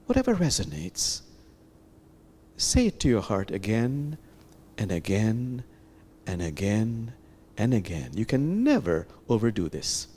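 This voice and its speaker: A man leading a slow, soft, prayerful guided heart meditation during a worship service, pausing often. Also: fairly low pitch, wildly swooping pitch, a little hiss or hum. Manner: slow, soft, prayerful guidance with long pauses.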